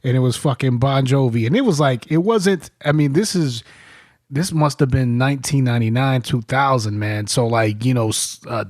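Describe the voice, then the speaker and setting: Brief: veteran man spinning rowdy stories, crude and animated, mid-pitched, dry studio mic. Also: moderate pace, dry recording. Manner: profane, animated, laughing between lines. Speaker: military veteran telling stories. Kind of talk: casual podcast storytelling.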